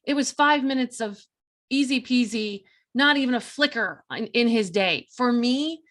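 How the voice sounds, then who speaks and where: A woman's voice: fairly high pitch, moderate pace. Chatty woman telling a personal story. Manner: chatty and animated, many fillers and quoted inner dialogue. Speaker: podcast host.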